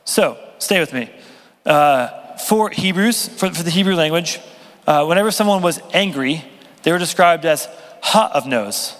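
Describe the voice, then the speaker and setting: A man's voice: on the high side, measured pace. A young man preaching a sermon in a casual, joking, conversational way. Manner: conversational, self-deprecating humor, lively. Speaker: pastor. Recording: long reverb of a hall.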